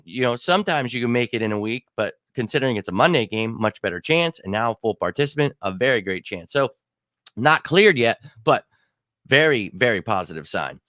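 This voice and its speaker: A man hosting a live fan Q&A stream, heated and rambling, swearing and shouting out commenters. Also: mid-range voice, no room sound, studio quality. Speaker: fan show host.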